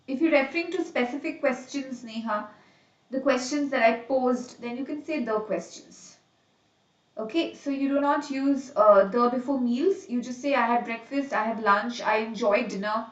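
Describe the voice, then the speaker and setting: Lady teaching grammar online, kinda high voice, sounds far off in an echoey room. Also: dull audio. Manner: explains slowly, repeats rules, checks on students by name. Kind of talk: live online lesson.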